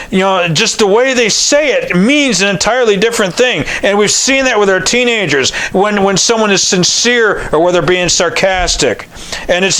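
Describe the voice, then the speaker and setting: A man's voice: fairly high pitch, a bit bright. A middle-aged man, a pastor, preaching a sermon in a folksy storytelling way, acting out the voices of the people he quotes. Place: church.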